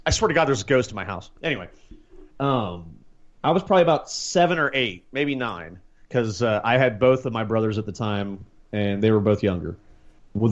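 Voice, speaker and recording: Relaxed man on a lo-fi podcast. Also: medium pitch. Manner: relaxed, swears casually. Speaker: podcast co-host. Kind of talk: casual chat and storytelling. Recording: dull lo-fi sound.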